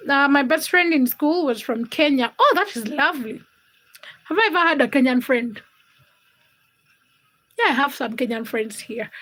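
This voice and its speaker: A woman's voice: sits high, pushed and bright, rough recording. A woman hosting a casual livestream from her home kitchen, reading viewer comments and teasing her chat while she cooks. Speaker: livestream host.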